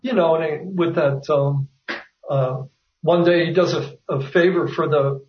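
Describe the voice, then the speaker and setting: Halting, roomy-sounding man. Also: fairly high pitch, fairly even intonation. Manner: hesitant, many fillers and restarts. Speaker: author guest. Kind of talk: conversational interview. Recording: roomy, distant, dull sound.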